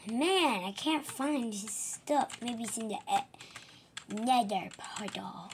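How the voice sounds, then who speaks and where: A woman's voice: on the high side, lively intonation, slow pace, background noise. A woman muttering to herself while sneaking around in a game role-play. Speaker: gamer.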